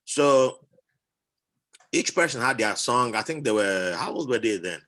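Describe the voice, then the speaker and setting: Podcast guest, male, mid-range voice; chatty, lively teller of family stories. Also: measured pace. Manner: animated storyteller, wide swings in pitch. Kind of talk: casual storytelling chat.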